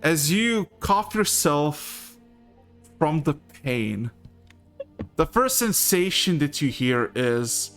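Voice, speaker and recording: A man runs a tabletop game, narrating scenes at an unhurried pace with a mid-range voice. He is relaxed and swears casually as he describes the action. Faint music sits under his voice. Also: a little high. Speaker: game master.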